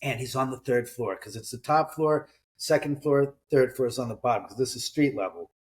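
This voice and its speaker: A middle-aged male author tells ghost stories in a casual, conversational interview. His medium-pitched voice moves fairly quickly, and he acts out the quoted voices, swearing now and then.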